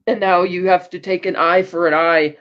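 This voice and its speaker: High-voiced man recapping a TV episode. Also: normal speed, lo-fi sound. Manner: animated storytelling, acting out quoted lines. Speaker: podcast co-host.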